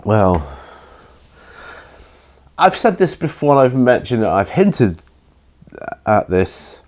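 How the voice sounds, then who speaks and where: A tired man hosting a hobby Q&A, rambling and hesitant with many pauses and ums, yawning as he goes. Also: mid-range voice, sing-song, darkish tone. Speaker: hobby channel host answering viewer questions. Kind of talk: casual Q&A chat.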